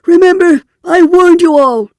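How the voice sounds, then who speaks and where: A man voicing a crazed, grizzled old hermit who screeches shrill warnings at a crowd. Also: a little slow, a little mellow, no echo. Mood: frantic warning.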